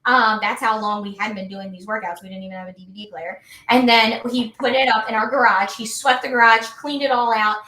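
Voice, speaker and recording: Sharp-toned and on the high side, she talks fairly quickly and steadily with hardly any pauses. She's a health and wellness coach guesting on a casual podcast, chatty and upbeat, with lots of "like" and "you know," heard in a roomy echo.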